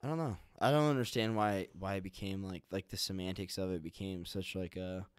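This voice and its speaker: A man's voice: deep voice, fairly even intonation, brisk, clean tone, dry recording, clean studio sound. A young man hosting a podcast, chatting casually in a laid-back, blunt way and swearing freely. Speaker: podcast host. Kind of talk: casual chat.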